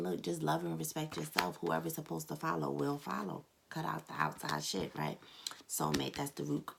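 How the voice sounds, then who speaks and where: A woman's voice: sits low, vocal fry, noisy background. A woman giving a casual tarot reading, speaking bluntly and candidly, swearing and calling her viewers "baby" and "cat". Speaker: tarot reader.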